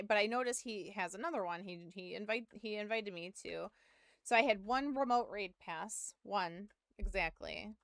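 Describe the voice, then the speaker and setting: A woman's voice: mid-range voice, a bit bright, no room sound, clean studio sound. A woman streamer rambling through a story to her chat in casual talk, with lots of filler and some swearing. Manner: rambling, full of "like", swearing, self-mocking.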